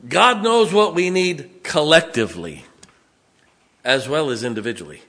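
A man's voice: on the high side, expressive, moderate pace, a bit bright. A man preaching a sermon, folksy, joking and blunt as a pastor speaking to his congregation.

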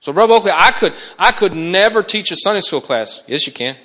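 A man's voice: sits high, lively intonation, fairly quick, sharp tone. A man preaching an impassioned sermon, urgently pressing the listeners and breaking into acted-out dialogue.

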